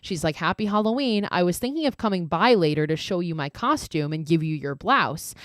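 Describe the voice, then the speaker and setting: A woman with a fairly low voice recaps a horror film in a loose, chatty way. She swears freely and laughs as she tells it. The sound is dry and close. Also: a little fast, dry recording. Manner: animated, profane, laughing storyteller. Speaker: podcast host. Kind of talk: casual horror movie recap.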